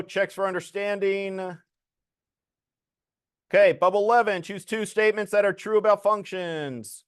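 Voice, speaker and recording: A man's voice: sits high, fairly even intonation, a little slow, long pauses, clear, resonant tone, no room sound, clean studio sound. A man teaching a programming lesson to a class, explaining code casually as he demonstrates it.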